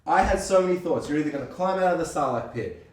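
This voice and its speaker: Animated man chatting in an echoey room. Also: on the high side, distant mic. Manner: animated, acts out scenes in quick impressions, swears. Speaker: podcast co-host. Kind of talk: casual chat.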